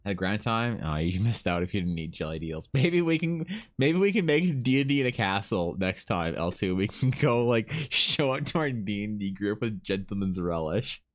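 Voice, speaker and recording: This male streamer from Ukraine has a lowish voice and talks at normal speed in a casual livestream. He reads aloud and riffs with animated mock indignation, cursing freely.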